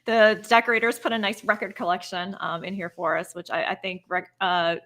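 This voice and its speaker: A woman with a bright, crisp voice co-hosts a relaxed live broadcast. She talks with open enthusiasm, heaping praise in an easy conversational way. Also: medium pitch, a little fast, a little hiss or hum. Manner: gushing, enthusiastic. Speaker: co-host. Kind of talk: casual live-stream chat.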